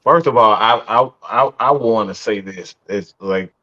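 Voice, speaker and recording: A man's voice: on the low side, unhurried, bright, forceful tone. A man hosting a live post-game reaction show, ranting with heavy swearing and stammered restarts. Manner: profane and exasperated, stammering restarts. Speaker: sports podcast host. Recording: dull lo-fi stream audio.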